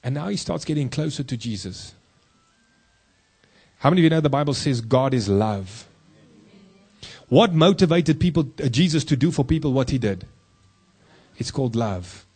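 With a darkish, husky voice, a male pastor preaches, challenging the congregation through rhetorical questions. For the key points he lowers his voice and takes his time.

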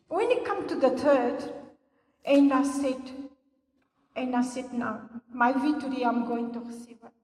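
An older woman, giving a personal testimony in church in halting English. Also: sits high, a bit bright. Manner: halting non-native English, earnest storytelling. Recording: echoey hall, voice from far off.

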